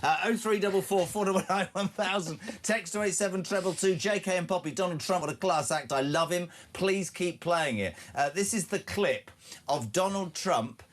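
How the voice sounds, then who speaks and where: A man's voice: high voice, normal speed. An English man hosting a breakfast radio show in a studio, talking in a mocking, jokey way and laughing often. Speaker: radio host.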